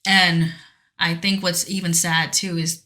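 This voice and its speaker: A woman's voice: fairly low pitch, little pitch movement, unhurried, sharp tone. A woman co-hosting a podcast, recapping a video game story in casual chat with an earnest, rambling manner and many restarts. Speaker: podcast co-host.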